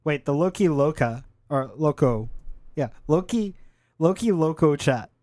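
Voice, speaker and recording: A man's voice: on the high side, animated, unhurried, warm tone, no room sound. A man co-hosting a live podcast, playful and rambling, riffing on wordplay. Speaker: podcast co-host. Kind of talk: casual chat.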